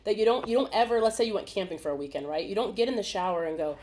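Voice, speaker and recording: Animated woman hosting a live webinar. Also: mid-range voice, rapid-fire, a little hiss or hum. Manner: animated, laughing, acts out little voices. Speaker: webinar host. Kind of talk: casual live webinar talk. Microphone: video call.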